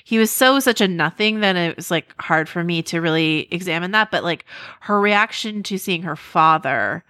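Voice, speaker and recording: A woman's voice: lowish voice, normal speed, no room sound, clean studio sound. A woman co-hosting a podcast, chatting casually as she recaps a TV episode, rambling with lots of "like" and "um" and laughing often. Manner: rambling, animated, full of "like" and "um"; laughs often, acts out characters' lines in quotes. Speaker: podcast co-host.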